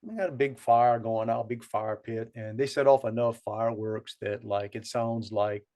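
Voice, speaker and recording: A podcast co-host with a South Louisiana accent tells a long, rambling story full of restarts in a casual storytelling chat. His mid-range voice has a dark tone and moves at normal speed.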